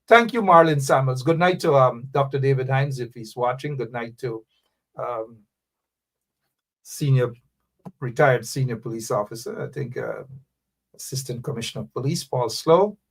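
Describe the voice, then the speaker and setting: A man with a mid-range voice, talking at a normal pace, hosts political talk radio live on air. He reads viewer comments, names names, and preaches with animation, repeating phrases to drive his urging home.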